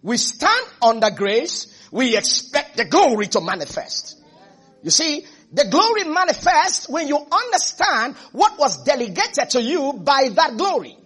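A man's voice: very high-pitched, big pitch swings, a little slow, fairly bright tone. A man preaching a sermon as pastor, emphatic and repetitive, calling out questions to his congregation.

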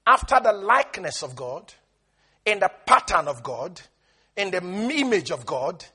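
A man preaching a sermon with emphatic call-and-response exhortation, swinging between shouts and quiet asides. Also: high-pitched, big pitch swings, a little slow, husky.

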